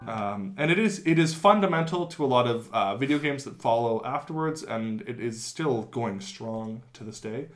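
A man's voice: medium pitch, animated, moderate pace, hardly any pauses. Chatty man explaining with many ums. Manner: explains at length with many ums and uhs, laughs often. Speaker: podcast co-host. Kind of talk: casual podcast chat.

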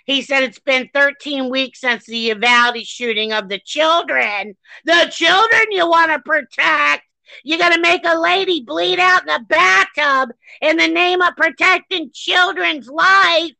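A woman co-hosting a podcast, ranting furiously with heavy swearing and shouts. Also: high-pitched, a little slow, gravelly, no room sound, rough recording. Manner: reads a news article aloud. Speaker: podcast co-host. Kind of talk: angry podcast discussion.

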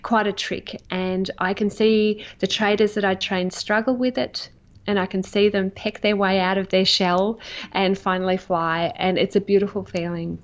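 A woman's voice: medium pitch, steady tone, normal speed. A woman trading coach answering interview questions in an earnest, emphatic, enthusiastic way. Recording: dull lo-fi audio.

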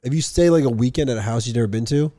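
Fast-talking young man, mellow voice. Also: mid-range voice, dry recording. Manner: rambling, swears casually. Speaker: podcast co-host. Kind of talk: casual chat.

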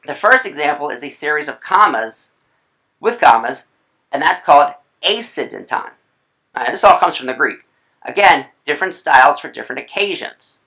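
A writing instructor giving a recorded video lecture, chatty, with playful asides and quick self-corrections. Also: medium pitch, expressive, gravelly, bright, forceful tone.

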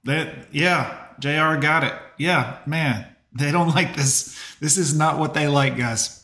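A man's voice: fairly high pitch, takes it slowly, bright, forceful tone. Podcast co-host, chatty man, asides, roomy echo on the mic. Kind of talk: casual chat.

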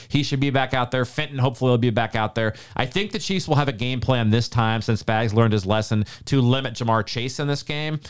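A man's voice: medium pitch, clean tone. A man co-hosting a sports podcast, talking casually and confidently about football predictions. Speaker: podcast co-host.

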